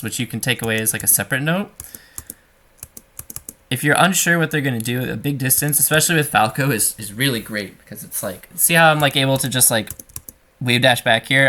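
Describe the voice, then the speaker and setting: A man coaching a student over gameplay in a relaxed, talky way, full of fillers and restarts. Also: medium pitch.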